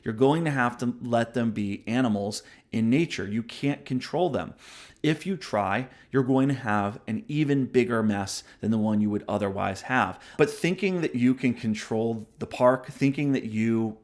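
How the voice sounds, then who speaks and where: A man hosts a book review show and talks through big ideas in a casual, conversational way. He often tags his points with "right?" and admits it when he wanders off on a tangent. His voice sits at an average pitch. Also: normal speed. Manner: self-aware digressions. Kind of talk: casual spoken commentary.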